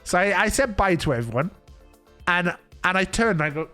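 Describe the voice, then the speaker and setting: A man's voice: high-pitched, big pitch swings, fairly quick, pushed and bright, soft background music. A male streamer telling rambling anecdotes in casual chat, laughing and breaking off his own sentences.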